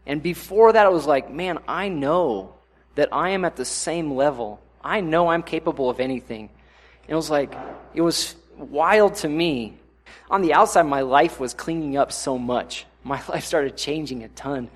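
A young adult man preaching a sermon in a conversational way, often acting out inner voices in sudden louder bursts. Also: fairly high pitch, animated, moderate pace. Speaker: pastor.

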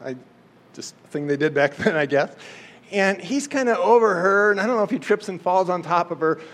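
A man's voice: high voice, a little fast, a bit bright. A man casually retelling a Bible story in a playful, chatty way. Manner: playful, chatty, acts out quotes.

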